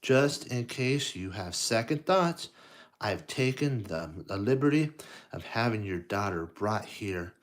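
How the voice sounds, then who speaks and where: Storybook villain rat, boastful and sneering, slow delivery; a man reads the part. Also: on the low side, animated. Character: scheming villainous male rat mastermind, boastful.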